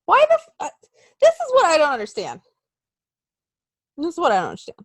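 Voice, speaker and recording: High-voiced, mock-angry young woman. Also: huge pitch swings, a little fast, dry recording. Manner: mock-angry, sarcastic, swearing. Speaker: podcast co-host. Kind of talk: casual chat.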